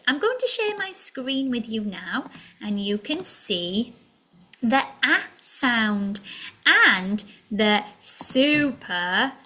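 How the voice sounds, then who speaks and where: A woman's voice: fairly high pitch, bright, forceful tone. A woman teaching a children's phonics lesson in a sing-song way, drawing out letter sounds and slipping into whispered asides.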